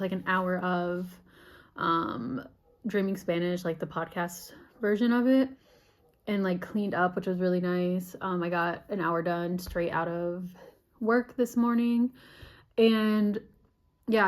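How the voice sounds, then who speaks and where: Chatty young woman vlogging. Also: medium pitch. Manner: chatty, fillers like "like", giggly. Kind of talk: casual vlog chat.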